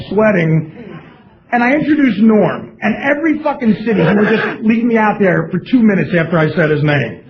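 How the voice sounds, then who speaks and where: A man telling stories on a comedy club stage, loud and profane, laughing through his punchlines and dropping his voice low to mimic others. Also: highs cut off. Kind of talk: live stand-up storytelling.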